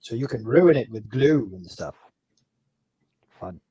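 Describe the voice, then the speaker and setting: A man's voice: mid-range voice, lively intonation, unhurried, warm tone, breathy edge, dry recording. A man co-hosting a casual live stream, teasing his friend with dry jokes and laughing often.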